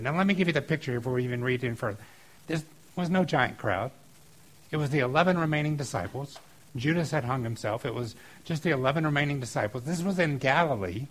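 A middle-aged man preaching a sermon as a pastor, talking in an earnest, conversational way that gets lively and loud at times. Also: medium pitch, fast, low-quality recording.

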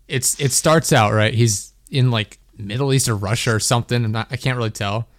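A young podcast host tells a story in casual chat, rambling and laughing, saying "like" constantly. His mid-range voice is a little fast, recorded at studio quality with no echo.

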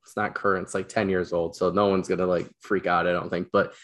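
A man hosting an interview, rambling excitedly with lots of fillers as he tells stories. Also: sits low, fast. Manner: rambling, animated storytelling with many fillers. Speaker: podcast host, teacher and coach. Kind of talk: casual interview chat.

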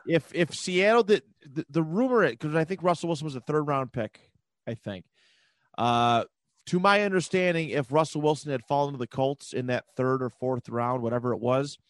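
A man's voice: mid-range voice, dry recording. A man co-hosting a podcast, rambling loosely through casual sports chat, laughing often and swearing now and then. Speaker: podcast co-host.

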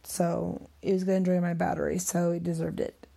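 A woman's voice: lowish voice, level tone, a little fast, gravelly, warm tone. A middle-aged woman talking in an emotional, rambling vlog monologue, sometimes dropping to a whisper.

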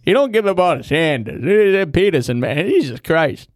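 A man puts on a gruff old uncle. The voice mumbles and stammers, slow and dragging. He sounds worn down and grumbling. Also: a little high, sing-song. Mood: exasperated. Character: gruff old Philly uncle, football-obsessed.

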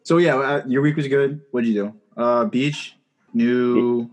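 A man's voice: mid-range voice, steady tone, measured pace. A young man co-hosting a podcast, telling rambling stories in casual chat full of "like" and "right?". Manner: rambling storyteller, lots of "like" and "right?". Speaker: podcast co-host.

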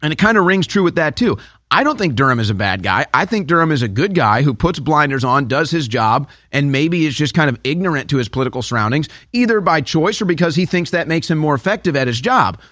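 A man's voice: on the high side, expressive, fast, fairly bright tone, no echo, clean studio sound. A man hosting a casual interview, chatting with his guest and leaning on sports metaphors. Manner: conversational, uses sports metaphors. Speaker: host.

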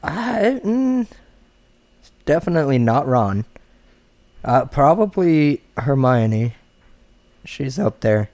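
A man's voice: mid-range voice, lively intonation, takes it slowly, long pauses, a little mellow. Laid-back man in casual banter. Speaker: podcast co-host. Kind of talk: casual chat.

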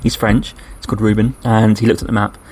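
A man's voice: lowish voice, fast talker. Chatty English man telling a travel story. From England. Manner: chatty, animated when quoting people. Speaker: podcast host.

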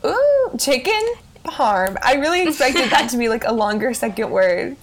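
A woman, co-hosting a podcast in casual, animated chat. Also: on the high side, normal speed. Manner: playful, animated. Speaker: podcast co-host.

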